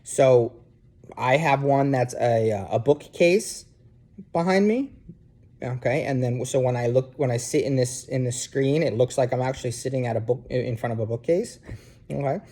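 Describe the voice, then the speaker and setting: Speaking from the couch in his living room, a man from New Jersey delivers a recorded lecture to students in his New Jersey accent. He has an expressive, mid-range, dark-toned voice at a moderate pace, and keeps things conversational with frequent "um"s and "okay?" check-ins.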